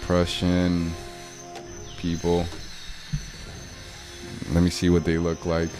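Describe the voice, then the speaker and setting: Young male streamer, low-ish voice, rambling laid-back slang, faint music bed. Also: completely flat delivery, takes it slowly. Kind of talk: casual livestream chat.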